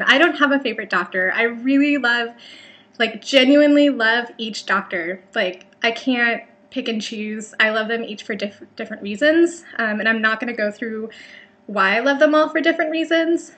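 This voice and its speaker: A young woman with an American accent chats on a home vlog, rambling and poking fun at herself between plenty of ums. Her voice sits a little high and rings bright and sharp. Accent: General American. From California, Bay Area. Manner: rambling, self-deprecating, chatty with many fillers. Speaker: vlogger. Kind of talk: casual vlog chat.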